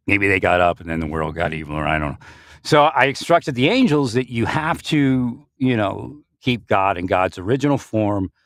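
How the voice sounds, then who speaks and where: A man's voice: lowish voice, fairly bright tone, no echo, studio quality. A man giving a rambling spiritual monologue, often breaking into laughter and restarting his sentences. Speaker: spiritual speaker.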